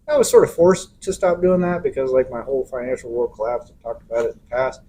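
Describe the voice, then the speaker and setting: A man's voice: medium pitch, fast, hardly any pauses, warm tone, slight background noise, low-quality recording. A middle-aged man telling a long anecdote in casual podcast chat, acting out quotes along the way. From Los Angeles area. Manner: rambling anecdotal storyteller, acts out quotes. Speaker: podcast co-host.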